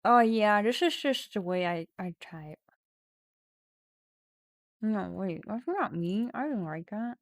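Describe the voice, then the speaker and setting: A woman's voice: medium pitch, expressive, takes it slowly, long pauses, no room sound, clean studio sound. A woman streaming an AI text adventure, chatting casually while she types, laughing at herself and reading story lines aloud. English is not her first language. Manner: self-mocking, laughs often, reads story text aloud. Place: home streaming setup.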